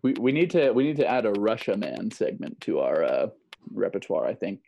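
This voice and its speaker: A man's voice: fairly low pitch, very animated, fairly quick, creaky, mellow, rough recording. A man co-hosting a podcast over a video call, chatting casually and reading out headlines for a guessing game. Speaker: podcast co-host.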